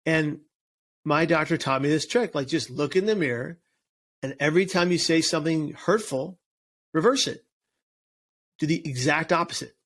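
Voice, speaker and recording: A man's voice: fairly high pitch, moderate pace, long pauses, a bit bright. A man speaking as an interview guest and suicide prevention speaker, earnest and emphatic, often restarting and repeating words. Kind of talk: casual interview chat.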